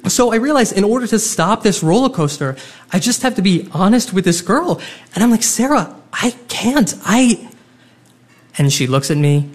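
A young man telling a personal story to a live audience, animated and self-deprecating. His voice sits a little high, and he leans on fillers and quick restarts as he builds the jokes.

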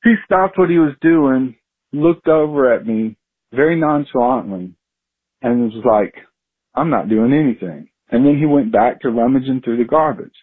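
A man from Florida calling in to a radio show and telling a lively story. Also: medium pitch, moderate pace, husky. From Florida, USA. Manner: animated storyteller who acts out yelling. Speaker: caller. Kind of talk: phoned-in storytelling. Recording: phone line.

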